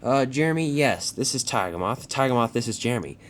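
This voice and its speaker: A man's voice: mid-range voice, lively intonation, a little fast, natural voice. A man voicing a fussy, sensible male steam engine who frets and scolds. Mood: fretful. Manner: fretful, scolding.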